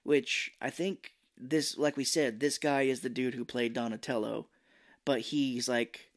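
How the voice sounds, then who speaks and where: A man's voice: mid-range voice, normal speed. A man co-hosting a podcast, casually recapping a movie and slipping into silly voices. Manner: animated, slips into silly put-on voices. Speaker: podcast co-host.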